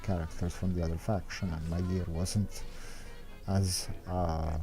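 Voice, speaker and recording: A man's voice: sits low, level tone, measured pace, over music. A young man giving unscripted, meandering strategy commentary over gameplay footage, thinking aloud as he explains. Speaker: game strategy guide maker.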